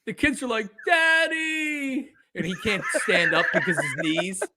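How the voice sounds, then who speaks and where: This high-voiced man talks fairly quickly over a very noisy background. A former sports radio host now doing a podcast, he leads a loose sports conversation, spinning lively stories, performing quotes, and leaning heavily on filler words.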